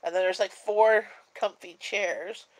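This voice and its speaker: A woman's voice: medium pitch, steady tone, measured pace, rough recording. A woman hosting a casual live-stream chat, sleepy and yawning, rambling along with plenty of fillers. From Canada. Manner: rambling and chatty, many fillers.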